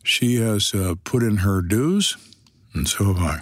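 A man's voice: lowish voice, lively intonation, a little slow, no echo. An older man, a retired detective, telling stories from his life in a dry, matter-of-fact way. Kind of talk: storytelling monologue.

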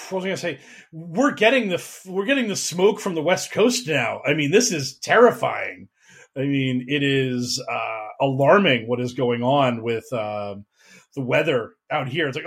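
Guy hosting a podcast, kinda high voice, jokey and mocking, does little voices. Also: breathy edge. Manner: animated, mocking, does quick voices for other people. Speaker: podcast host. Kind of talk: casual chat.

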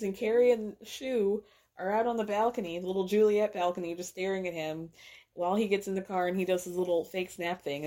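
A woman's voice: on the low side, a little mellow. Woman host, casual slangy recap voice, playful delivery of quoted dialogue. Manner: chatty, slangy, acts out quotes with laughs. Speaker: podcast host.

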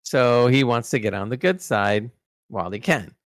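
A man's voice: medium pitch, animated, moderate pace, dry recording. A man in middle range telling long, rambling stories on a casual podcast, tripping over his words and circling back. The sound is dry and close, with no room around it. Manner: rambling storyteller, many restarts and fillers. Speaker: podcast co-host recalling celebrity interviews.

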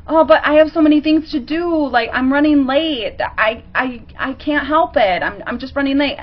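A woman's voice: high-pitched, moderate pace, highs cut off, pitched above the performer's own voice, natural voice. A woman voicing a harried husband who is running late, stammering flustered excuses.

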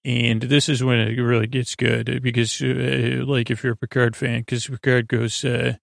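Gravelly man casually recapping, flat delivery. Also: mid-range voice, no room sound, studio quality. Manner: loose, halting, many fillers, quotes characters in plain voice. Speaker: podcast host recapping an episode.

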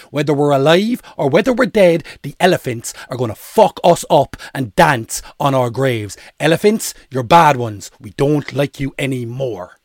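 A man's voice: medium pitch, no echo, clean studio sound. An Irish man hosting a solo comedy podcast, rambling and swearing freely as he tells stories. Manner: animated, profane, rambling comic storytelling. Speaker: podcast host.

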